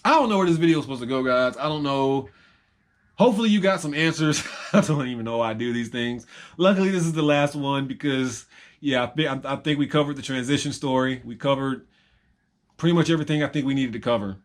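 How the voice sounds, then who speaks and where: Male vlogger, mid pitch, reflective and unscripted, pauses and restarts often. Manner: reflective, halting, with many ums and restarts. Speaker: vlogger and reseller. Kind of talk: rambling personal vlog.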